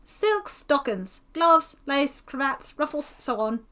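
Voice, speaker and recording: A woman reading aloud and voicing a cheeky, quick-tempered young errand boy who talks in a cocky way. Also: high-pitched, very animated, sharp tone, voice pushed up, exaggerated voice.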